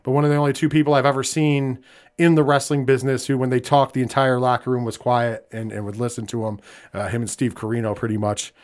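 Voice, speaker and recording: A man's voice: mid-range voice, flat delivery, fast. Casual American man hosting a podcast. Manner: conversational, many fillers, drops quiet when somber. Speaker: podcast host.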